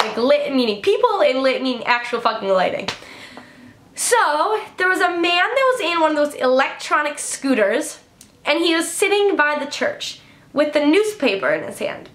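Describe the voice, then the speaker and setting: A young adult woman vlogger from Illinois, USA tells casual storytime tales, chatty and swearing a lot, with heavy use of "like". Her high, fairly bright voice echoes in the room.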